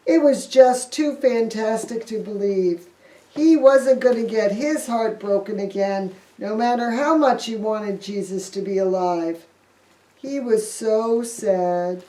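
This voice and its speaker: A woman pastor telling a Bible story to children in a lively, playful way. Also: medium pitch, takes it slowly. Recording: echoey room, distant mic.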